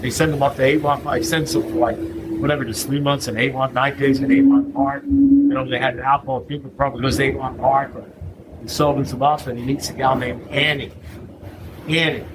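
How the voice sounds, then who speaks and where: A man's voice: mid-range voice, fairly quick, background noise. Chatty man telling a story to a crowd. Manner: chatty, keeps asking "you know what I mean?"; acts out others' lines in a raised voice. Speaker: recovery meeting speaker. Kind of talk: humorous storytelling talk to a live audience.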